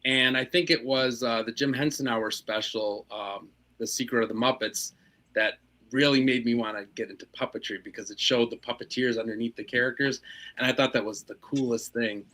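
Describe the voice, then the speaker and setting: A man's voice: medium pitch, fairly even intonation, moderate pace, bright, forceful tone. A man puppeteer in a casual video chat, cracking jokes and telling how he got into puppetry. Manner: joking, wisecracking. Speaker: puppeteer guest.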